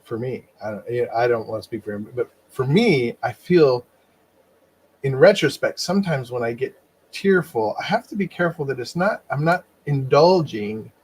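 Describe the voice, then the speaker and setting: A man in casual conversation, reflecting in a measured way and murmuring agreement while the other man speaks. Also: mid-range voice, lively intonation, slightly rough. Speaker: podcast co-host.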